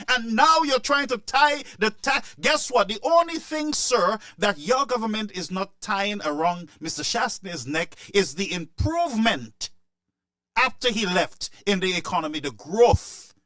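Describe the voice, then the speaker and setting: In a dry, close recording, a man with a high, bright voice gives impassioned political commentary. Emotional and repetitive, he keeps stumbling into stammering restarts while hammering home each point.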